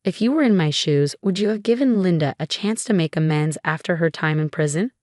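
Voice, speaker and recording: Young female storyteller, lower register, calm chatty delivery, dry booth sound. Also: fairly quick, no echo. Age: young adult. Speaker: narrator. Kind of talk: scripted first-person story narration.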